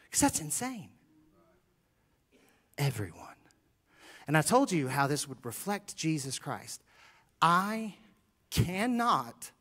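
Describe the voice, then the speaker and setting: A middle-aged man preaching a sermon as pastor, animated and joking, swinging from quiet asides to loud bursts. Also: fairly high pitch.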